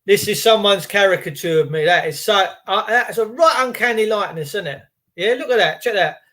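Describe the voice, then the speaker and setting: A man's voice: high-pitched, expressive, brisk, pushed and bright. A British man giving a heated, emphatic, repetitive monologue to the camera. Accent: British English. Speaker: host.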